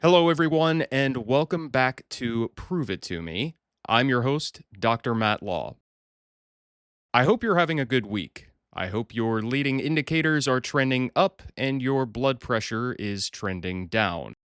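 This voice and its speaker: A man hosts his podcast in a punchy, scripted monologue, with a dry, sarcastic edge to his storytelling. His pitch rises and falls freely as he builds each point. The sound is close and dead dry, with no room around it. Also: lively intonation, a little slow, fairly bright tone, clean tone, dry recording. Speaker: podcast host.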